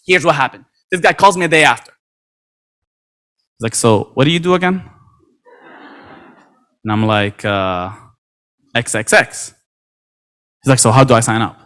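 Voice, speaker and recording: Bright-voiced man telling a lively story on stage. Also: medium pitch, moderate pace, long pauses. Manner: animated, acts out quoted dialogue, many repetitions. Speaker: motivational speaker. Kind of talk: energetic storytelling speech. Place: convention stage.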